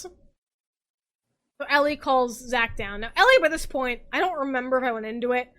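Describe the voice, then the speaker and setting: A tipsy woman hosts a comic podcast, retelling a story with frequent swearing and bursts of laughter. Her voice sits high and sounds bright and forceful. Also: moderate pace, poor audio. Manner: animated, swearing, laughing often. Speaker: podcast host.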